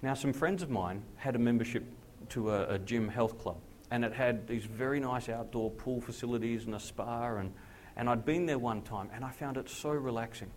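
A man preaches a personal testimony with a medium-pitched voice. He tells the story with great animation, leaping up in pitch to act out the dialogue. He then drops to a slow, soft delivery when he makes his points. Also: a little hiss or hum. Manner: animated storyteller who acts out dialogue with big pitch jumps. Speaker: pastor.

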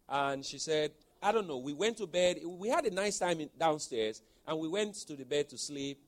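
Animated preaching man, fairly high voice. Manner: animated, swings from soft storytelling to loud exhortation. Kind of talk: sermon with personal storytelling.

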